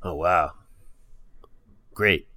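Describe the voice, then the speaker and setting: A man's voice: deep voice, extremely slow, sharp tone, no echo, pitched below the performer's own voice, full character voice. Man playing a stammering half-orc bandit. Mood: eager. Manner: stammering, repeats words.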